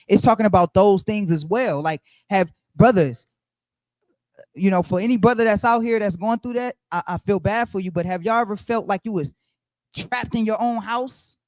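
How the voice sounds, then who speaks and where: A man's voice: high-pitched, moderate pace, darkish tone, no echo. A man leading a Bible study, preaching conversationally and emphatically, repeating his key phrases as he speaks straight to the group.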